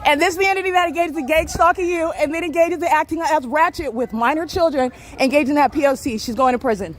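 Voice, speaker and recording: A vlogger filming in public, a woman holds her phone outdoors on a street beside parked cars and gives agitated, accusatory running commentary, insistently repeating phrases. Her voice sits high and she speaks quickly.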